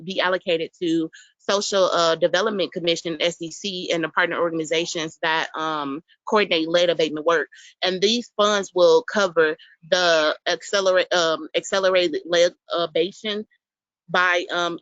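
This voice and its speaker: Mother at public hearing, lowish voice, dry muffled remote audio, earnest and halting. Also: fairly bright tone, no echo. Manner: earnest, emotional, halting with fillers. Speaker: public commenter, concerned parent. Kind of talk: public testimony at a council hearing. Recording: dull, muffled call audio.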